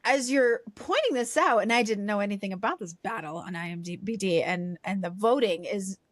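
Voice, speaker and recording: A woman's voice: medium pitch, expressive, moderate pace, dry recording, studio quality. A woman co-hosting a podcast, musing thoughtfully in a casual chat and posing rhetorical questions. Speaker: podcast co-host.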